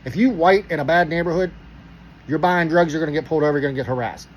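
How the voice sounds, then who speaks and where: A man from Pittsburgh telling a story casually, animated and profane, acting out the dialogue. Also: on the high side, fast talker, slight background noise, rough recording.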